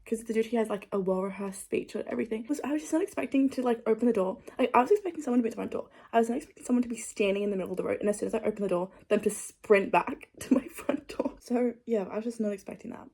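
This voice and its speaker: A woman's voice: a little high, rapid-fire, few pauses, husky. Chatty young woman vlogging. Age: young adult. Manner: rambling, full of "like" fillers, animated storytelling. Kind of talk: casual chat to camera.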